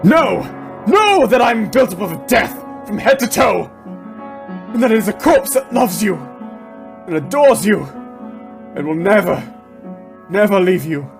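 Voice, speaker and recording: Guy playing a tormented masked man, high gravelly voice, ranting then brooding, music going behind him. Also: exaggerated voice. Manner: ranting, swinging from shouting to brooding. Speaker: actor in a student short film. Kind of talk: theatrical dramatic monologue.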